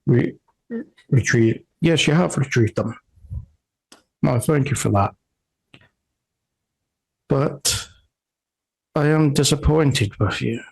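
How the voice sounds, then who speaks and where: A stern, unseen noble patron who speaks from the shadows in a tabletop adventure, as a man puts the voice on. The delivery is slow, cold and disapproving. The voice sits mid-range and even. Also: medium pitch, creaky, husky, full character voice.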